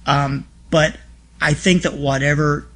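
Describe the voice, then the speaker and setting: A man's voice: a little high, fairly even intonation, measured pace, a bit bright. Feisty, wisecracking male podcast guest. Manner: feisty, humorous, frank. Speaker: interview guest. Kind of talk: casual storytelling conversation.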